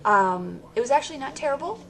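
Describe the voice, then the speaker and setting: A woman's voice: high-pitched, animated, fast, gravelly. A woman giving a casual, rambling movie review, interrupting herself and laughing often.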